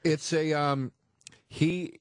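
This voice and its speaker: A male comic on a radio show, telling an anecdote with real enthusiasm and laughing easily along the way. His voice sits a little higher than most men's. The studio sound is close and dry. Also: fairly even intonation, drawn-out words, no echo. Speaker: comedian guest. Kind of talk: casual radio chat.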